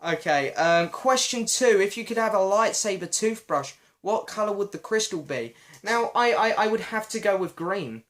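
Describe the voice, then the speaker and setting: A young man, hoarse because his voice is going, chatting and apologizing as he answers viewer questions in a casual vlog. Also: high voice, expressive, normal speed, hardly any pauses, fairly bright tone. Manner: chatty, self-deprecating, often apologetic.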